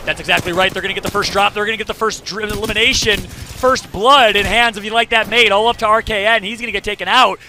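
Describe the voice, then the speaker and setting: A man casting esports play-by-play, quickly rising to excited, near-shouted calls during the action. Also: high-pitched, slight background noise. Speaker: esports caster. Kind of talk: play-by-play commentary.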